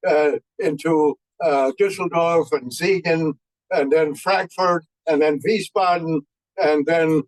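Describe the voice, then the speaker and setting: A man in his nineties, a veteran, tells war stories in a folksy way and often pauses on fillers. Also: on the high side, fairly even intonation, no echo, rough recording. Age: 90s. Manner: folksy, halting with many fillers. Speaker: veteran speaker. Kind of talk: anecdotal war storytelling.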